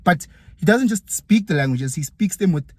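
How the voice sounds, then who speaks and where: A man from KwaZulu-Natal with a South African accent, a former teacher chatting through a personal story in a vlog, lively and jumping up in pitch when he acts out other people. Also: moderate pace.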